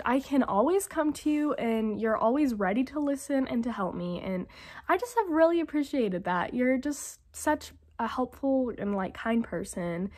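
A teenage girl recording a farewell message, bubbly and affectionate, with lots of filler words. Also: fairly high pitch. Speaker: theater student.

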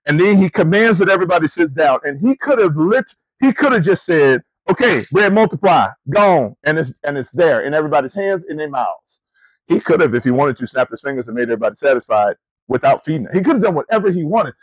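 A middle-aged man delivers a lively sermon, telling stories with rising, emphatic questions and casual asides to the crowd. His voice sits fairly high for a man. The sound is dry and close. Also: fast talker, dry recording, lo-fi sound. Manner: conversational, addresses listeners as family and y'all. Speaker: preacher and camp ministry CEO. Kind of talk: sermon to student athletes.

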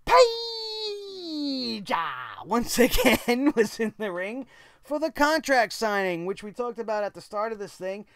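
A man's voice: extremely high pitch, very animated, takes it slowly, a bit bright. A man hosting a wrestling review show, giving blunt, opinionated commentary with casual swearing.

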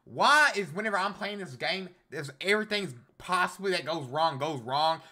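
A man giving loud, profane, frustrated commentary while playing a video game. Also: high-pitched, lively intonation, moderate pace, vocal fry, soft background music. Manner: loud outbursts and yelling. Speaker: gaming video creator. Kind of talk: gaming commentary.

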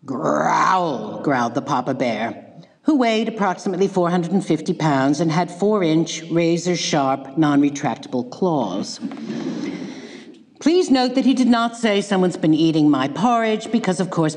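A woman giving a public lecture, telling a tale with dry, ironic, deadpan asides. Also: deep voice, in a large hall. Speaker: guest lecturer. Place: lecture hall.

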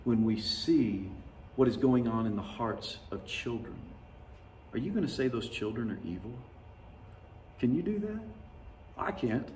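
Pastor, male, folksy conversational sermon delivery, mid-pitched, recorded at a distance in an echoey church. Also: expressive, unhurried, long pauses, a little mellow, a little hiss or hum. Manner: conversational, folksy storytelling preaching with laughter. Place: church sanctuary. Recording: roomy, distant church mic.

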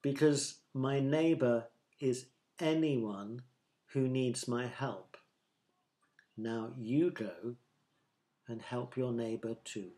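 Jesus, a man voicing a calm teacher. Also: medium pitch, takes it slowly, pauses often, close to an everyday voice. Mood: gentle. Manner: gentle, firm storytelling. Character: kindly calm male storyteller teacher Jesus.

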